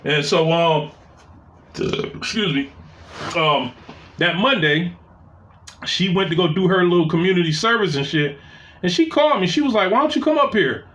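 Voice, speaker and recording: A man's voice: high-pitched, animated, unhurried, long pauses, fairly bright tone. A man in his forties telling a personal story in a casual, profane, rambling way. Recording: echoey room.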